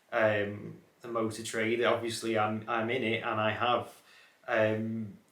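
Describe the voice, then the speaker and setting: A man's voice: lowish voice, a bit bright. A young man with a watered-down Scouse accent, chatting casually to camera as a car channel host, rambling with many fillers and restarts. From Liverpool area, England. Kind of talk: casual reflective chat to camera. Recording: echoey room.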